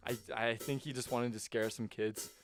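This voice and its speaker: A young man in his twenties recounts a story on a casual podcast. His voice sits in a middle register, and he tells it in a lively, profane way with bursts of laughter. Faint music plays underneath. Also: mid-range voice, normal speed. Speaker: podcast co-host.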